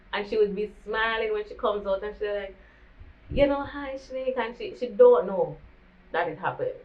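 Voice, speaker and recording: A young woman with a Jamaican accent telling a candid storytime vlog, slipping into patois as she talks. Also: mid-range voice. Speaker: vlogger. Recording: dull lo-fi recording.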